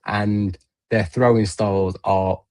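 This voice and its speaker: A man's voice: fairly low pitch, level tone, takes it slowly, darkish tone. Middle-aged man, rambling podcast host. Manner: rambling, filler-heavy storytelling. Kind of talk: casual chat. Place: remote podcast stream.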